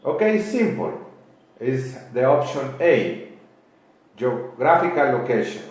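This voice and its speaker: A man, a teacher explaining English dialects slowly and with some hesitation in an interview. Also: mid-range voice, very animated, a little mellow. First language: Spanish. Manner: slow, deliberate, a little halting. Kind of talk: explanatory answers in a class interview. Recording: very echoey room.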